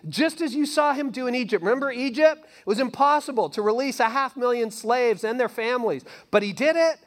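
A man's voice: extremely high pitch, brisk, few pauses. A man preaching a sermon in a casual, conversational way, swinging from emphatic lines to near-whispers. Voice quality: animated, conversational preaching with sudden soft drops. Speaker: pastor.

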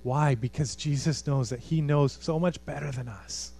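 Earnest pastor preaching. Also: male voice, mid-range voice, normal speed, vocal fry. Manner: earnest, swings from animated to hushed. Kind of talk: sermon.

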